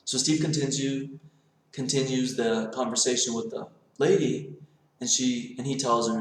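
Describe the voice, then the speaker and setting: A man's voice: medium pitch, normal speed. A man telling a motivational story and acting out the dialogue as he goes. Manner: animated, acts out dialogue in the telling. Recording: very echoey room.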